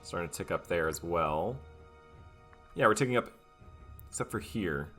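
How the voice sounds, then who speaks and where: A man's voice: low voice, expressive, normal speed, fairly bright tone. A man commentating his strategy game in character, musing and playfully boastful, with frequent hesitant fillers. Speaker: gameplay commentator. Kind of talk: let's play commentary in role. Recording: faint music behind voice.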